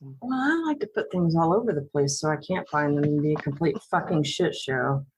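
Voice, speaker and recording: A woman's voice: low-pitched, lively intonation, moderate pace, a little hiss or hum, poor audio. A woman co-hosting a podcast in casual chat, giggling, mocking herself and tripping over words. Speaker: podcast co-host.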